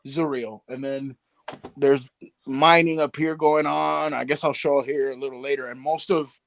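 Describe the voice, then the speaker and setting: A man talking as a guest on a live stream, telling a story in a relaxed way and quoting his friends. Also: medium pitch, moderate pace, creaky, no room sound. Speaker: toy collector guest. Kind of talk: casual chat on a live stream.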